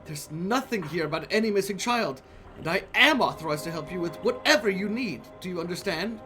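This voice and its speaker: A man's voice: sits high, expressive, brisk, sharp tone, faint music behind, pitched above the performer's own voice. A man voicing a prim, flustered woman librarian in a video game, sweet and evasive, calling people dearie. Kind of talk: reading game dialogue aloud.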